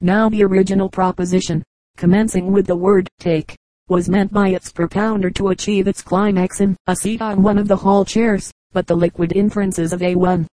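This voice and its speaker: A woman reading a classic novel aloud as an audiobook narrator, in a steady, even reading voice. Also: mid-range voice, normal speed, no echo, low-quality recording. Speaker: audiobook reader. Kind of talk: scripted narration.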